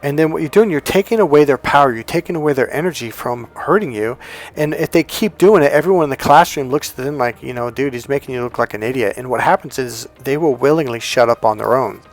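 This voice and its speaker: A man's voice: fairly high pitch, fast talker. A man giving blunt dating advice, swearing freely and telling stories in which he acts out what other people said. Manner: profane, blunt, storytelling with acted quotes. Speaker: dating coach. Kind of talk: unscripted coaching talk.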